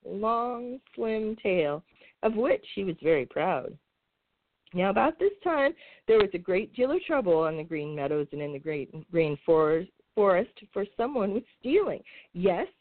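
A woman host reading a children's storybook aloud in an expressive, lilting way. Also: medium pitch, dry recording. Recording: tinny phone-like sound.

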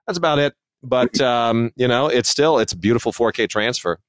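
A man's voice: mid-range voice, moderate pace, no echo, studio quality. A man co-hosting a casual film chat, opinionated and digressive, with frequent restarts. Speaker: film reviewer, podcast co-host.

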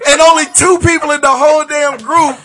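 A man co-hosting a casual podcast chat, telling stories with a joking, animated delivery. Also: very high-pitched, fairly quick, a loud crowd. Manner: joking, animated storytelling with quoted voices. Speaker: podcast co-host.

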